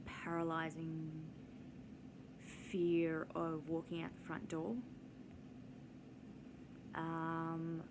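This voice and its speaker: Gravelly, slow-talking woman. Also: low voice. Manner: rambling, digressive, with many ums. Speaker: vlogger. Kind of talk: casual personal vlog. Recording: noisy background hiss.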